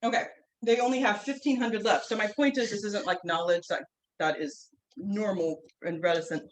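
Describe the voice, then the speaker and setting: Woman, classroom storyteller, rambling, animated, some distance from the mic, faint hiss. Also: mid-range voice, normal speed. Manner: lively, rambling, with restarts and frequent "like". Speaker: herbal instructor and guest speaker. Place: classroom, speaking away from the mic.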